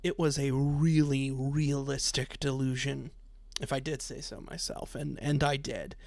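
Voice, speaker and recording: A man's voice: mid-range voice, level tone, measured pace, gravelly, dry recording. A man streaming a visual novel, reading its text aloud and breaking off into sarcastic, profane commentary with frequent laughs. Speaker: let's play streamer.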